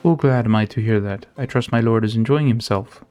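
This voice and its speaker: A man voicing a gentle, devoted woman of a city in a game, reading her lines in formal, old-fashioned phrasing. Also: mid-range voice, brisk, faint music behind, close to an everyday voice. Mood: earnest. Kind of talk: reading game dialogue aloud.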